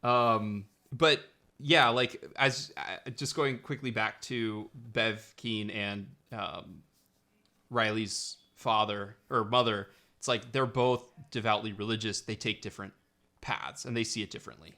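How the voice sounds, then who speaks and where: Bright-voiced man, rambling casually. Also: on the low side, steady tone, unhurried. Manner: rambling, repeats words while searching for them. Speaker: podcast co-host. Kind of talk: casual film discussion.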